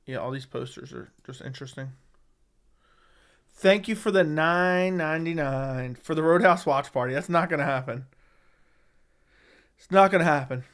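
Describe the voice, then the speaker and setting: A man's voice: fairly high pitch, moderate pace, pauses often, fairly bright tone. A man hosting a casual livestream, reading viewer comments and answering bluntly, often swearing and repeating himself. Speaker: MMA livestream host. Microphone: studio dynamic microphone.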